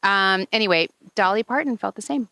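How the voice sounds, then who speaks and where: Bright, gushing Long Island woman. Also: brisk. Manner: gushing, chatty, acts out quotes in high voices. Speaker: podcast co-host. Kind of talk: casual chat. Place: outdoor garden.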